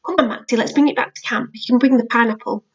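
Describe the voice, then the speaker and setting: A stern, protective big sister from a storybook, sharp with her brother but gentle with the creature, as a woman reads her. She sounds a touch high and the recording is dull and lo-fi. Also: lively intonation, normal speed. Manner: stern, scolding. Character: fierce protective older sister, a girl.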